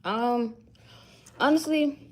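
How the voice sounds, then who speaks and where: A woman's voice: on the high side, takes it slowly, a little mellow. A young woman vlogging at work, chatting casually and musing aloud as she rambles from thought to thought. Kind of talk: casual chat to camera.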